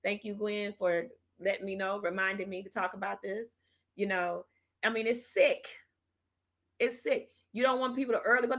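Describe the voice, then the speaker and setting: A woman's voice: mid-range voice, fairly even intonation, moderate pace, fairly bright tone. A woman hosting a casual political livestream, reading viewer chat and answering it bluntly with slangy sass. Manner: sassy and blunt, slangy talk with "child", "honey", "okay?". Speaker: host of a live political talk stream.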